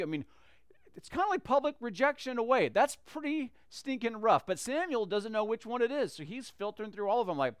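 A man's voice: high voice, animated, a little fast, clear, resonant tone, no room sound, studio quality. A man teaching a Bible story in a casual, conversational way, acting out the characters as he goes. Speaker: church teacher.

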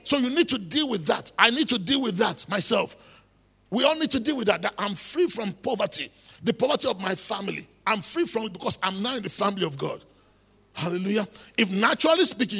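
A man's voice: high-pitched, gravelly, bright, forceful tone, husky, big-room sound. A man preaching a sermon, emphatic, repeating phrases and building into exhortation.

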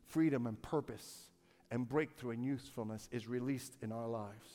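A pastor preaching a sermon to his congregation, calling for responses and swinging from quiet storytelling to loud, shouted peaks. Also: mid-range voice, moderate pace, in a large hall. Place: church sanctuary.

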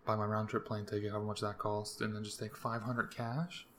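A man's voice: lowish voice, flat delivery, fairly quick, a bit bright, slight background noise. A young man hosting a solo podcast, rambling casually with crude jokes. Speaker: podcast host.

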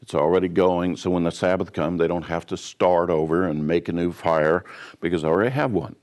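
A man with a low, deep voice gives a verse-by-verse Bible teaching, explaining at an unhurried pace. He pauses often, fills gaps with "uh", and restarts his sentences as he works through the passage. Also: a little mellow. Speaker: pastor.

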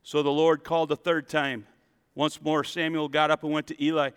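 A male pastor giving a jokey, animated sermon in a church, acting out the story as he goes. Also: a little high, moderate pace, smooth, big-room sound.

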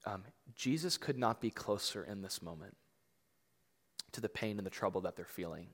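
A man's voice: on the low side, animated, moderate pace. A man preaching a sermon in a casual, conversational way, full of fillers and emphatic repeats that build into rising intensity. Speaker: pastor. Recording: long hall reverb.

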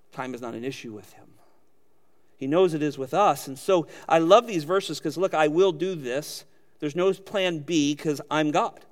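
A male pastor preaching a sermon, animated, acting out quoted voices as he goes. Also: a little high, big-room sound.

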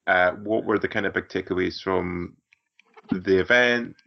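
A man's voice: low voice, unhurried, creaky. A man from Scotland co-hosting a casual podcast chat in a laid-back way. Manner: laid-back, brief interjections. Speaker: podcast co-host. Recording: dull lo-fi audio.

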